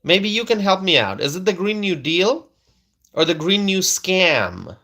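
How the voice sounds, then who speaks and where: A man's voice: high-pitched, big pitch swings, sharp tone. A man hosting a casual political livestream, reading viewer comments aloud, emphatic and repetitive, often asking his audience questions. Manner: slow, emphatic, repeats phrases and asks the audience questions.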